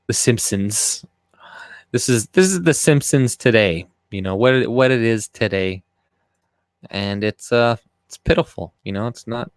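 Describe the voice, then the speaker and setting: Dude running a livestream, low voice, dry close sound, rambly and swears a lot. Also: male voice, no room sound. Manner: rambling, profane, with frequent restarts. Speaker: livestream host. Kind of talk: casual livestream commentary.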